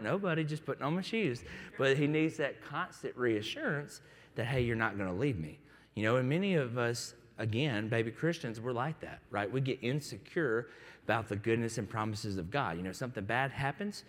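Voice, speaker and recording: Pastor preaching in a reverberant hall. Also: male voice, medium pitch, animated, a little fast, fairly bright tone. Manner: conversational storytelling with quoted voices. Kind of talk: sermon.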